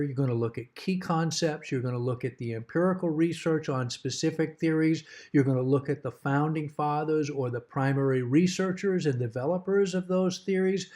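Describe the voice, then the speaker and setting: A middle-aged man explaining a course assignment in a measured, emphatic way, repeating key words to stress them. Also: on the high side, mellow. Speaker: course instructor. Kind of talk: recorded course assignment overview.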